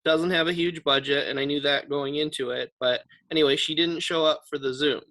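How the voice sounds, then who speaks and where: A man in a team huddle recounts a client exchange with a bright, forceful tone. His delivery is blunt and fairly flat in pitch, quoting texts back and forth. It sounds like a video call. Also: fairly quick, rough recording. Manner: blunt, storytelling with quoted texts. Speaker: insurance agent. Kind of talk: casual team meeting story.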